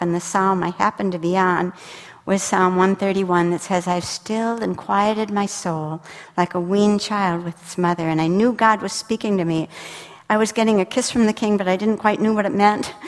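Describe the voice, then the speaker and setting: Woman teaching scripture in a reverberant hall. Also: mid-range voice. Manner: intimate storytelling, drops to a soft whisper for God's words. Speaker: Bible teacher. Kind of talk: sermon.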